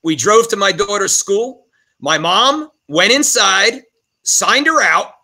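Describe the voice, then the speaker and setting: High-voiced, blunt, profane male guest. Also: expressive, slow pace, vocal fry, pushed and bright. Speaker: guest, arcade owner. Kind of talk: emotional storytelling in a podcast interview.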